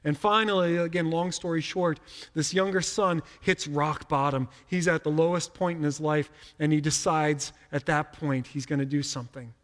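A middle-aged male pastor delivers a sermon in a loose, conversational manner, stumbling over and repeating words as he starts his thoughts. His voice sits a little high for a man, and a long reverb from the large hall trails after each phrase. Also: steady tone, moderate pace, fairly bright tone.

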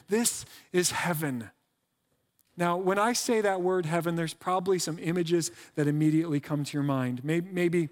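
High-voiced preacher in a reverberant hall. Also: male voice. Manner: conversational preaching with restarts and asides. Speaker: pastor. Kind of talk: sermon.

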